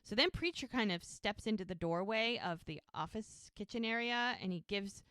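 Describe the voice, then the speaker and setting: A woman's voice: mid-range voice, expressive, moderate pace, fairly bright tone, clean tone, no echo. Woman podcaster retelling tv scenes, does little voices for the characters, clean dry mic. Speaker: podcast co-host. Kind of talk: casual recap chat.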